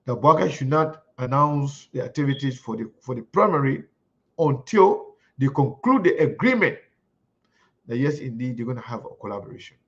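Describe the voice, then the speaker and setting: A man's voice: medium pitch, expressive, moderate pace, fairly bright tone, dull audio. A male host giving political commentary, rambling and searching aloud as he talks.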